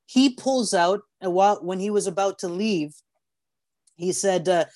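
A man's voice: high-pitched, unhurried, no echo. A man delivers a sermon to listeners on a call, acting out voices as he tells stories. He stumbles and repeats words as he talks. The sound is dry and close. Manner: animated storytelling, acts out voices. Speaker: preacher.

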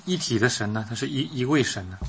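A man's voice: mid-range voice, animated, quick pace, a bit bright, slight background noise. A man interpreting a sermon live, hesitant, with frequent fillers and restarts.

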